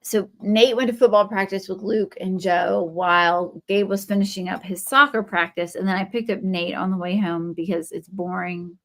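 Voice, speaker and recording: A woman's voice: medium pitch, fairly even intonation, normal speed, few pauses. Midwestern woman, 30s, craft livestream host. Rambling storyteller who talks to her viewers by name. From Ohio. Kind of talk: chatty live craft stream.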